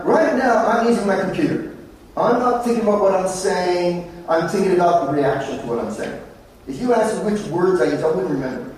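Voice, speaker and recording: High-voiced Australian man, echoey hall. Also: a little mellow, recorded from a distance, slight background noise. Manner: anecdotal, jokey storytelling. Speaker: conference speaker. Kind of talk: motivational presentation. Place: large conference hall.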